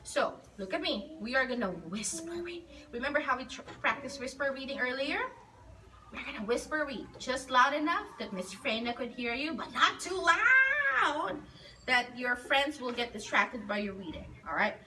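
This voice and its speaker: This woman's voice is a little high, bright, and forceful, with lively intonation and a normal pace. She's a teacher patiently prompting young children and drawing out words during a guided reading lesson, recorded from a distance in a noisy school classroom.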